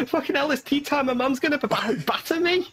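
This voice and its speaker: A man putting on a Scouse accent to play a loud, brash, swearing army general in gleeful shouts. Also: very high-pitched, animated, moderate pace, pitched above the performer's own voice. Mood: rowdy. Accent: Scouse, put on.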